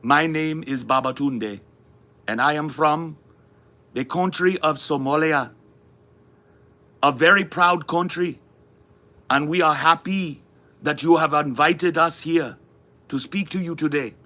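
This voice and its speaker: A man's voice: on the high side, measured pace, long pauses, bright, forceful tone, pitched above the performer's own voice. A man putting on a proud, formal West African-style speaker.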